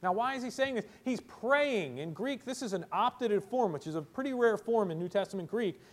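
A man with a fairly high voice preaches a sermon as pastor. He leans on words and repeats them for emphasis, swinging between loud exhortation and quieter asides. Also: expressive, fairly quick.

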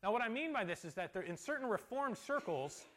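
With a high voice and a slightly fast pace, this pastor delivers a church sermon full of stories. His animated telling sinks to a soft hush whenever the moment turns emotional.

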